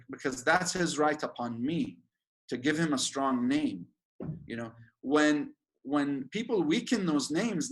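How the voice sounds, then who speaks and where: A man leading a relaxed religious talk with a fairly high voice for a man. He chats loosely, stumbles and restarts, and laughs at his own jokes as he makes his points. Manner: chatty, joking, many fillers and restarts. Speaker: sheikh giving a religious talk. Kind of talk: informal religious lecture with questions.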